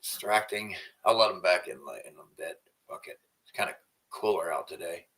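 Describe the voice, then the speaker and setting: Angry low-voiced man ranting. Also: lively intonation, normal speed, gravelly, fairly bright tone. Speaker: livestreamer. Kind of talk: livestream rant and chat. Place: at home.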